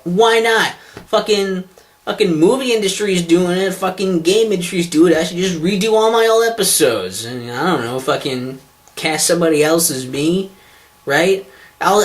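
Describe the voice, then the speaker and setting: A man's voice: medium pitch, a bit bright. Rambling, sarcastic man vlogging. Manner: rambling, sarcastic, swears often, many ums and restarts. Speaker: vlogger, show host. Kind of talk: casual self-deprecating monologue to camera.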